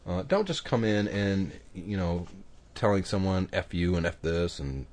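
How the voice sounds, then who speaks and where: A man's voice: deep voice, animated, unhurried, a little mellow. A man hosting a podcast, talking in an easygoing, chatty way with lots of fillers and restarts. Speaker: podcast host. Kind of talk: casual chat.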